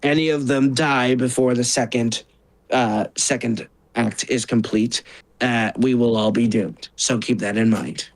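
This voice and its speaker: A man doing a loud commanding ritual leader woman. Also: mid-range voice, steady tone, a little slow, no room sound, close to an everyday voice. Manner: boisterous and loud.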